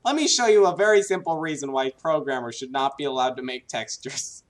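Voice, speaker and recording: A man's voice: mid-range voice, fairly quick. A man playtesting his own game mod, chatting casually with a friend, joking, teasing and laughing often. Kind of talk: casual gameplay banter.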